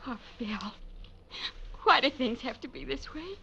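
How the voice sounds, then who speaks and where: High-voiced frightened young woman. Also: expressive, vocal fry, bright, forceful tone, husky, heavily acted. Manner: breathless, hesitant, halting. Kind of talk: 1940s radio drama acting. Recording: lo-fi vintage radio broadcast.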